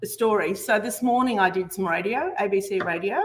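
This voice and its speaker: Upbeat female presenter with a mid-pitched voice, fronting a reading segment. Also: brisk, a little hiss or hum. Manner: enthusiastic, chatty. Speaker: host. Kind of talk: book show presenting.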